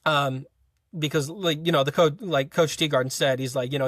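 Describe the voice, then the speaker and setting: A man's voice: on the high side, fairly even intonation, a little fast, fairly bright tone, no room sound, clean studio sound. A young man, a college football player, telling his story as an interview guest in a rambling, casual way full of fillers and restarts. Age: young adult. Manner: rambling, filler-heavy retelling with frequent restarts.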